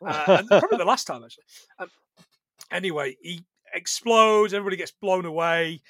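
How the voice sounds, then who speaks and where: A man hosting a casual podcast chat, joking, swearing and putting on quick voices for the characters he retells. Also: high voice, pushed and bright, no room sound. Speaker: podcast host.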